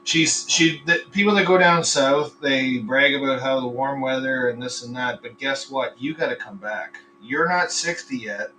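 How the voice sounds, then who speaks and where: A man's voice: medium pitch, moderate pace, few pauses, bright, forceful tone, far from the mic, slight background noise, poor audio. A man hosting a casual live podcast, rambling between topics, swearing freely and telling crude jokes. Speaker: podcast host. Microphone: computer microphone.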